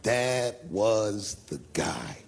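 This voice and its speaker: A middle-aged man telling a profane, animated story as a stand-up comedian on a live stage. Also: fairly low pitch, extremely slow, vocal fry. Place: live stage before an audience.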